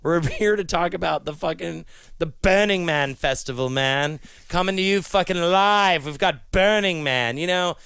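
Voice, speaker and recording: A man delivering a rambling, profane comedy monologue, a podcast co-host who swings from low mutters to shouted rhyming rants. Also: moderate pace, no echo. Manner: crude, profane stream-of-consciousness ranting; drops low and gravelly, then shouts and chants in rhymes.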